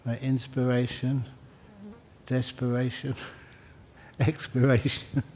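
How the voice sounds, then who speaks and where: A man's voice: mid-range voice, level tone, slow pace, a little mellow, slight background noise. An older man, a Buddhist monk, giving a conversational dharma talk and answering questions, with jokes and phrases repeated for emphasis. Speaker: Buddhist monk teaching meditation.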